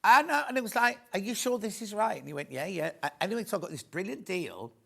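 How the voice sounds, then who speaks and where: A man hosting a live shopping-channel demo from a TV studio talks quickly in a high, expressive voice that is gravelly and a bit bright. His chatter is rambling and effusive, peppered with asides.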